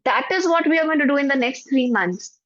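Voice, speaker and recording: A woman with an Indian English accent, a spiritual teacher leading an online class and a guided forgiveness meditation in a gentle, soothing voice. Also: sits high, lively intonation, dry recording. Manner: gentle, soothing, repeats phrases slowly. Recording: dull, dry lo-fi audio.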